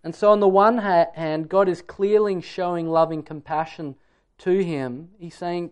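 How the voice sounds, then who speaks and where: A man's voice: high voice, steady tone, unhurried, smooth. A man preaching a sermon in an earnest, emphatic way, putting direct questions to his listeners.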